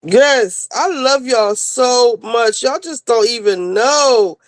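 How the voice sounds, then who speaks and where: Slow-talking excitable woman streamer. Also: a little high, no room sound. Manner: excitable, shouts and near tears over new supporters. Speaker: livestream host. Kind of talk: casual livestream chat.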